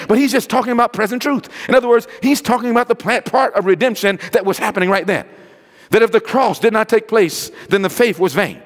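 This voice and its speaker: A male pastor preaching an evangelistic sermon in a church, posing questions to the congregation and swinging between loud exclamations and hushed asides. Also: high-pitched, a little fast. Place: church sanctuary. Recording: long church-hall reverb.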